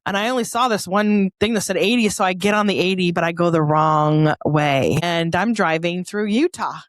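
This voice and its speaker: A middle-aged woman from Northern California, a podcast guest telling a personal story in a lively, chatty way and acting out the dialogue. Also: fairly low pitch, moderate pace, no echo, clean studio sound.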